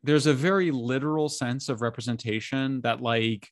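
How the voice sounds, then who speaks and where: A middle-aged man talking as an interview guest, animated and incredulous, speaking in bursts with frequent restarts. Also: medium pitch, normal speed, dry recording, clean studio sound. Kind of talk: conversational interview.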